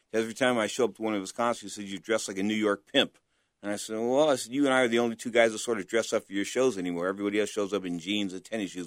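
A man's voice: on the low side, dry recording, clean studio sound. A man hosting a talk radio boxing show, chatty and boastful, hyping up his guests. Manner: boastful, chatty, hype-driven.

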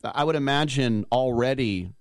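A man's voice: medium pitch, moderate pace, dry recording, clean studio sound. A man hosting a radio talk show, chatting casually with guests and dropping trivia and wordplay. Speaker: sports radio host.

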